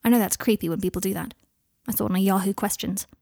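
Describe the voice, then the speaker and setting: A woman voicing an earnest, gentle young man who reassures with some hesitation, in a fan fiction reading. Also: medium pitch, steady tone, fast, vocal fry, dry recording, studio quality. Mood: hasty.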